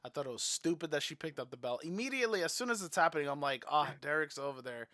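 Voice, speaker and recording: A man's voice: a little high, expressive, fast talker, sharp tone. A man co-hosting a podcast in casual chat, giving blunt, dismissive opinions. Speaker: podcast co-host.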